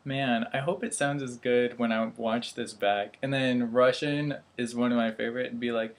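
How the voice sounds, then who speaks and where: A man's voice: medium pitch, fairly even intonation, normal speed, hardly any pauses. A young man vlogging in casual chat, rambling and poking fun at himself. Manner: rambling, self-deprecating, laughs at himself. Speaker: vlogger, airman.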